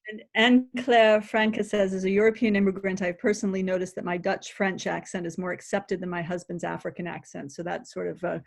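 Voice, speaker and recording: A woman's voice: fairly low pitch, level tone, a little fast, creaky, few pauses. A woman moderating a webinar, politely reading out audience questions with some small hesitations.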